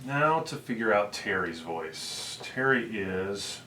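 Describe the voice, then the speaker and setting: A man's voice: on the low side, lively intonation, slow pace, sharp tone, a little hiss or hum. A man in his thirties, chatting casually in a vlog as he explains his plans. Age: 30s. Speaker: vlogger.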